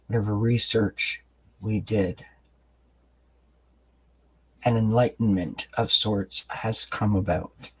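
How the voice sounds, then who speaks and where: A man lays out and explains tarot cards in an unhurried, reflective way. His voice sits low and a little husky. He talks slowly, pausing often as he thinks. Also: rough recording. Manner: calm, explanatory, with pauses and fillers. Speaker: tarot reader. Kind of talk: tarot card reading.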